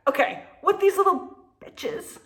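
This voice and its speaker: Animated New woman in her fifties. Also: very high-pitched, measured pace. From New Jersey. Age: 50s. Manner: animated, laughing, swears. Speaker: vlogger. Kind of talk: casual storytelling.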